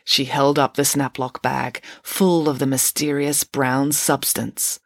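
A woman reading a children's chapter book aloud in an expressive, lively narration. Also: extremely low pitch, slow, no room sound, clean studio sound. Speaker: reader of her own story. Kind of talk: storybook narration.

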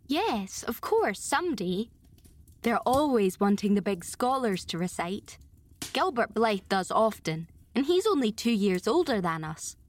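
A woman voicing a lively, giggly young girl who chatters eagerly to her friend. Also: mid-range voice, measured pace. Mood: teasing.

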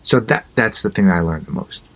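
Low-voiced man telling a story. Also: fairly quick. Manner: animated, acts out both sides of dialogue. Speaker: interview guest. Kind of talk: conversational storytelling.

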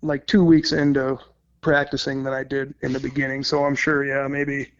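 In a dull, lo-fi recording, a goose-calling competitor from Minnesota guests on a podcast, rambling somewhat in casual chat with some cursing. He speaks at a moderate pace in a mid-range, monotone voice.

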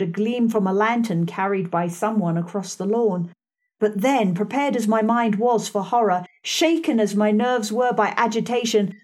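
A woman narrating a novel in the first person, with a hushed, dramatic delivery. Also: medium pitch. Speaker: audiobook narrator.

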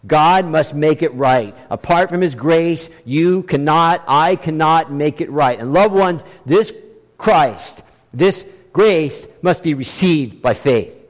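A middle-aged man preaches a sermon, driving his points home by repeating phrases and moving between hushed lines and raised ones. His voice sits high for a man. The church sanctuary around him rings with a long reverb tail. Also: expressive, slow. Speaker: pastor.

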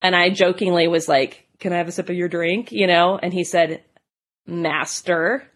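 Low-voiced woman recounting her past. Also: steady tone, moderate pace. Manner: candid, conversational, with fillers like "like" and "you know". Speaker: guest telling her story. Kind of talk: personal testimony.

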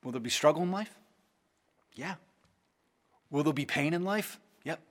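A man preaching a sermon in a conversational way, with frequent word repeats, who swings between soaring emphatic peaks and hushed lows. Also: animated, moderate pace.

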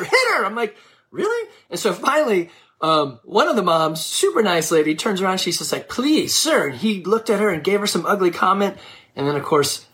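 A woman's voice: lowish voice, fairly bright tone. A woman who coaches youth sports, giving blunt, scolding advice to parents in a frank monologue.

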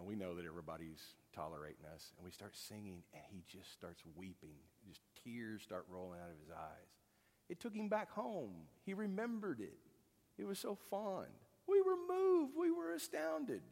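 Folksy preacher in a reverberant hall. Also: male voice, lowish voice. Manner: folksy, storytelling, many fillers and restarts. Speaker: pastor. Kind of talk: conversational sermon.

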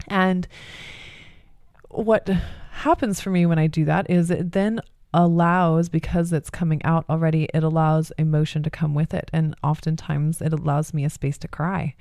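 A woman's voice: low-pitched, mellow, no room sound. A middle-aged woman, a mother, talking in a candid, rambling personal monologue full of fillers and restarts.

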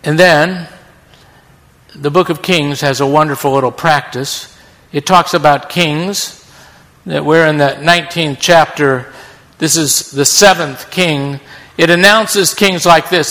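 A man preaching a sermon, telling a story dramatically with sudden hushed drops in his voice. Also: fairly high pitch, slow pace. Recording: long reverb in a large hall.

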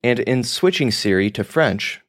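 A man's voice: medium pitch, animated, measured pace, fairly bright tone. A man hosting a podcast, talking in a rambling, casual monologue with some swearing, often laughing at himself. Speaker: podcast host.

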